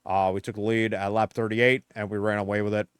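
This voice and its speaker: A man's voice: lowish voice, flat delivery, a little fast, clear, resonant tone, dry recording, close to an everyday voice. A man doing a boastful racing crew chief. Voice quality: nasal. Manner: loud, bragging, matter-of-fact report.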